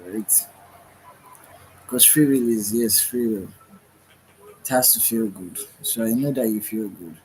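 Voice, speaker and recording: Man, slow drawn-out delivery, rambling spiritual talk, tired and yawning, faint background noise. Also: lowish voice, low-quality recording. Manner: meandering, searching for words, frequent "right?". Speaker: livestream host.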